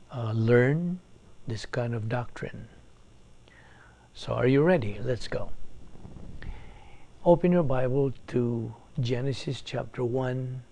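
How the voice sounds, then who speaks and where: A man's voice: mid-range voice, gravelly, warm tone. A man teaching a doctrinal Bible study as an evangelist, explaining grammar methodically, step by step.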